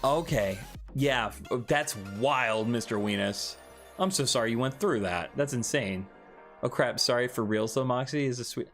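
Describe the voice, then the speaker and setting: A young man hosting a casual live stream, chatting with viewers and answering their comments, often jumping into high excited squeals. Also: moderate pace, faint music behind. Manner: animated, jumps into high excited squeals and laughs.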